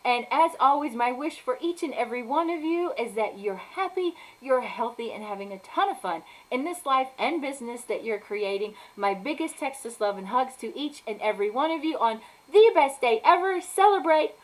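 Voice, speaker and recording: Effusive high-voiced woman. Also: lively intonation, normal speed, few pauses, low-quality recording. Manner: warm, effusive, playful. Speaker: birthday video message sender. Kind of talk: recorded video greeting.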